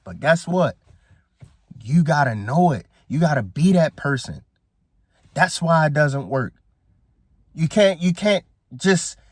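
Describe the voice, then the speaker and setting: A man's voice: on the high side, no echo, studio quality. A man giving a casual motivational talk as a coach, emphatic and preachy, who repeats his phrases for effect. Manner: casual, slangy speech. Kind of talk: motivational speech to camera.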